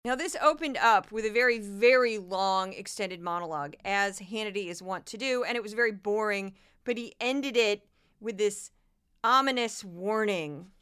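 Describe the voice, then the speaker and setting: A woman in her forties hosts a podcast, offering casual, sarcastic, exasperated commentary on news clips. Her mid-range voice moves at normal speed with a slightly bright, clean tone, recorded in a clean studio with no room sound.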